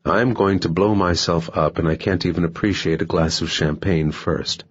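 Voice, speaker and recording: A man's voice: low-pitched, steady tone, moderate pace, slightly rough, muffled recording. A man voicing a cool, dry-witted male assassin with an understated delivery.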